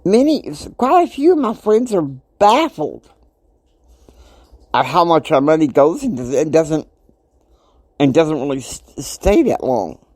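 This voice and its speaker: A man in his fifties hosting a motivational podcast, talking emphatically and preachily. He swings between soft asides and loud outbursts. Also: fairly high pitch, sing-song, measured pace, long pauses, no room sound, clean studio sound. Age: 50s. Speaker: podcast host.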